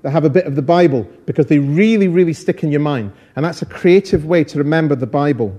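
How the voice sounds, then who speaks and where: A man preaching an all-age church talk, lively and encouraging, repeating phrases for emphasis. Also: on the high side, fast.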